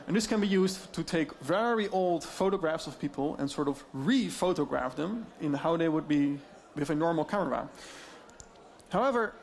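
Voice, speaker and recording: A man with a Dutch accent and a voice sitting a bit high gives a conference talk on AI deepfakes. His explanations are lively and loose, peppered with frequent fillers.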